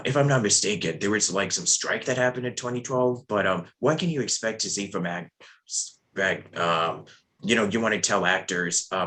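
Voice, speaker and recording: A man with a very low but bright, forward voice hosts an interview over a video call. He asks long, halting questions padded with ums and restarts. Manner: hesitant, filler-heavy questions. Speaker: podcast host.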